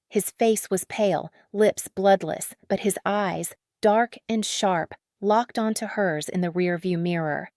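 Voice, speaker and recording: A woman narrating a dramatic story in an even, matter-of-fact read on a close mic. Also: medium pitch, slow pace, few pauses, no echo.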